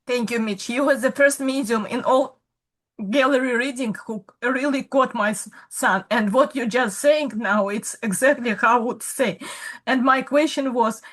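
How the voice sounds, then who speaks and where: A woman's voice: on the high side, fairly bright tone. Hesitant woman on a video call. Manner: hesitant, halting, searching for words. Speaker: grieving mother, audience member.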